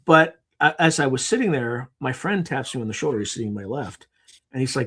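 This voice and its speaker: Male podcast guest, lively anecdote-teller, mid-range voice. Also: medium pitch, fairly quick, breathy edge. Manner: animated storyteller who acts out quotes. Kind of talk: conversational interview.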